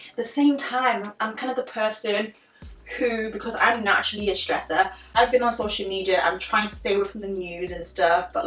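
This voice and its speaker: A young woman chatting casually in a vlog, animated and full of "like" fillers. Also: mid-range voice. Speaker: beauty vlogger. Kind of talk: casual chit-chat vlog. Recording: roomy sound, a little distant from the mic, faint music behind.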